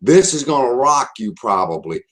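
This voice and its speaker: A man's voice: medium pitch, very animated, normal speed, fairly bright tone. A man with a Southern US accent presenting a live online marketing webinar, speaking emphatically and repeating his key phrases.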